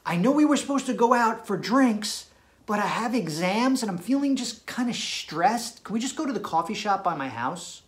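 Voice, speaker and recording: Brief: man doing a lilting young woman, airy excuses, slightly raised pitch. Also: big pitch swings, normal speed. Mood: breezy. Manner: lilting, upspeak, valley-girl filler.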